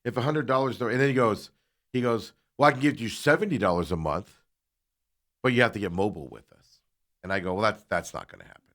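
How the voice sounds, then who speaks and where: A man's voice: fairly low pitch, quick pace. A man hosting a talk show, telling a long story in casual chat and acting out both sides of each exchange. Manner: animated, acts out both sides of the dialogue.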